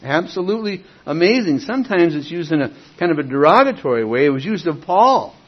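A man's voice: a little high, breathy edge. A man teaching from the Bible in a casual, emphatic way, stressing key words and reading verses aloud. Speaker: preacher. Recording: dull lo-fi recording.

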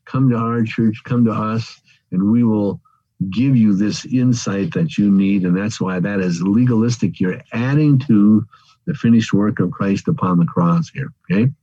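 Mellow-voiced male preacher, counting off points. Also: on the low side, moderate pace, husky, no room sound, dull audio. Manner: addresses listeners as friends, counts off points. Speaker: pastor. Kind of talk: sermon.

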